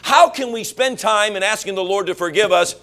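This middle-aged pastor has a fairly high voice and preaches at a fairly quick clip, firing questions at his congregation and rising into shouted, animated passages. The recording is very noisy.

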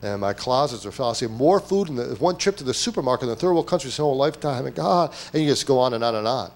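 A man preaching a sermon at a church service, animated, acting out quoted voices and firing off rhetorical questions. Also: medium pitch, racing. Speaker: pastor.

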